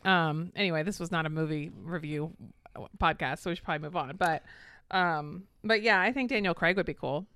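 A woman co-hosting a podcast in casual chat, upbeat and quick to laugh along. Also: fairly low pitch, a bit bright, smooth, no echo. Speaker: podcast co-host.

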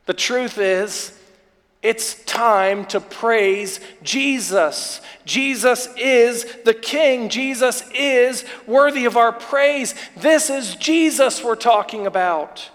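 A pastor preaching a sermon to an online congregation, building up through repeated lines and slowing down to stress key words. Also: male voice, extremely high pitch, fairly bright tone, big-room sound. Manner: builds up with repetition, slows for emphasis.

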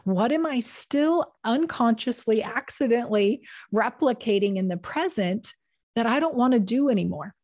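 A woman's voice: fairly high pitch, lively intonation, normal speed, darkish tone. A woman hosting a talk on anxiety, explaining in an earnest, teaching manner and acting out quoted dialogue. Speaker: therapist host.

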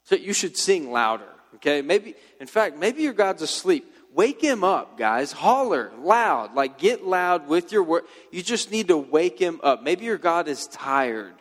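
A man's voice: fairly high pitch, animated, a little slow, few pauses, a bit bright, in a large hall. A man voicing a swaggering male prophet who mocks his rivals in a teasing, sarcastic way. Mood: mocking.

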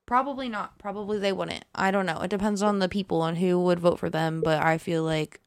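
A woman's voice: fairly low pitch, fairly even intonation, fairly quick, smooth, no echo. A woman co-hosting a casual podcast, teasing and hedging in a loose way. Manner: teasing, unsure. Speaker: podcast co-host.

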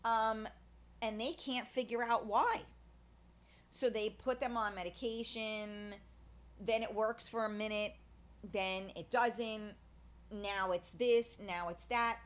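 A woman with a slightly high-pitched voice talks her way through a loose, rambling monologue. She piles up fillers and restarts and speaks bluntly, swearing in passing, as if chatting with friends. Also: fairly even intonation, slow. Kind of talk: casual monologue.

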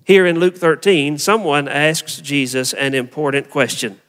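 Pastor preaching in a reverberant hall. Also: male voice, fairly high pitch, measured pace, few pauses, fairly bright tone. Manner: conversational preacher asking the congregation rhetorical questions. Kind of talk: sermon.

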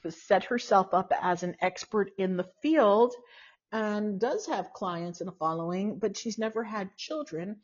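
A woman's voice: mid-range voice, lively intonation, a little slow. A woman in her sixties hosting a casual live-stream talk, musing aloud with many fillers and asides. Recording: dull lo-fi sound.

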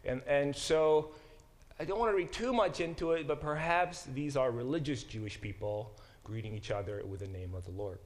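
A man's voice: mid-range voice, moderate pace. A middle-aged man teaching a Bible study class. He reads scripture aloud, stops to explain Hebrew words, and often corrects himself as he goes.

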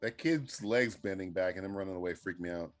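A man's voice: low voice, a little fast. A man laughing, joking and swearing casually in commentary while watching a movie with a friend.

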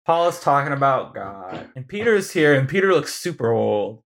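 A man's voice: medium pitch, sing-song, moderate pace, creaky. A man co-hosting a podcast, chatting casually about a film, laughing often and acting out lines in mocking voices. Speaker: podcast co-host. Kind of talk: casual film discussion chat.

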